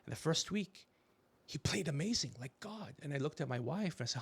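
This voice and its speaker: Gravelly-voiced joking man. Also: a little high, fairly quick. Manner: animated storytelling, acting out quotes. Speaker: podcast host. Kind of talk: casual comedic chat.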